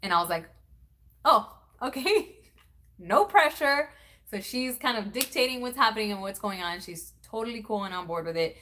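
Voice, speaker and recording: Woman, young adult, casual vlog storytelling, bright tone, animated quoting. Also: fast, hardly any pauses. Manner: animated, acts out quotes with big pitch jumps. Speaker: vlogger.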